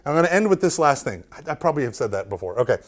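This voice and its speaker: A man in his thirties, a Catholic speaker, giving a joking, animated storytelling talk to an audience. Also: medium pitch, rapid-fire. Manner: animated, joking, self-deprecating.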